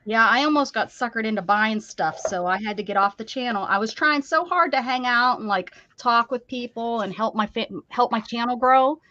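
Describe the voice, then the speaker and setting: A woman hosting a casual craft livestream, chatty and animated, greeting viewers by name. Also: fairly high pitch, moderate pace, hardly any pauses, muffled recording.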